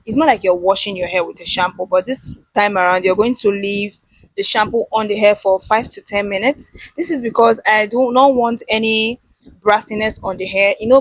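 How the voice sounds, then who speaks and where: A woman's voice: medium pitch, slightly rough, dry recording. Chatty woman narrating a hair tutorial. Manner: chatty step-by-step instructions. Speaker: vlogger. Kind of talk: casual tutorial voice-over.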